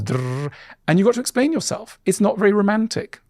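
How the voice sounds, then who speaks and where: A man talking as a podcast guest, explaining ideas in a conversational way. He stumbles and restarts often, and acts out little quoted scenes with big jumps in pitch. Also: big pitch swings, fairly quick, a little mellow, dry recording, studio quality. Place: podcast studio.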